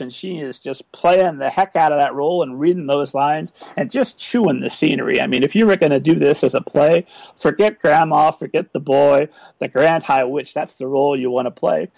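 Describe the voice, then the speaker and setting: Male author guest, slightly high voice, animated and keen, close dry mic. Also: gravelly, dry recording, low-quality recording. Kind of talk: enthusiastic interview answers.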